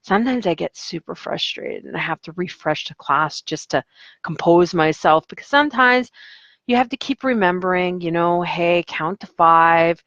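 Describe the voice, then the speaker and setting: A woman's voice: fairly low pitch, moderate pace, fairly bright tone, no echo, muffled recording. A woman, an online English teacher, chatting casually in a vlog with a rambling, filler-heavy manner. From Canada.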